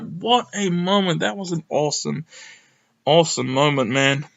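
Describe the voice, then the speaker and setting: A young man recapping a wrestling show in a rambling, excitable way, with lots of ums and some swearing. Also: fairly high pitch, moderate pace, gravelly, highs cut off. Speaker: wrestling reviewer. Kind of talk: casual recap monologue.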